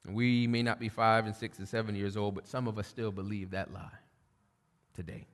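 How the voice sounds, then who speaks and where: A middle-aged man preaching a sermon, shifting between loud preaching and quiet storytelling. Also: on the low side, little pitch movement, brisk. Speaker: pastor. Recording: long hall reverb.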